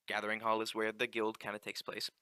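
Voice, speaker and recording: A young man narrates his own gameplay in a relaxed, joking way. He fills pauses with ums and talks straight to his viewers. His voice is sharp and bright, recorded dry and close. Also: lowish voice, clear, resonant tone, dry recording. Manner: chatty, joking asides with many ums. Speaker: let's play host. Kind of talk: casual game commentary.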